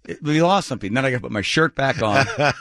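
A man's voice: medium pitch, expressive, fast talker, fairly bright tone, no room sound, studio quality. A middle-aged man co-hosting a radio show, bantering casually and acting out quotes in his stories. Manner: jokey storyteller who acts out quotes.

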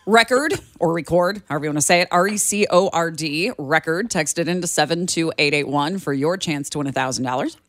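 Woman, radio co-host, casual chat, lowish voice, dry recording. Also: fast talker, few pauses, no echo.

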